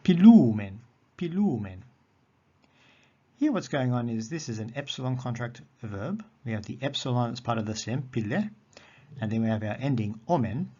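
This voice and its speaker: A man's voice: mid-range voice, expressive, darkish tone. Man teaching a recorded grammar lesson. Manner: patient explaining, repeats words slowly. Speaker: Greek teacher. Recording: dull lo-fi audio.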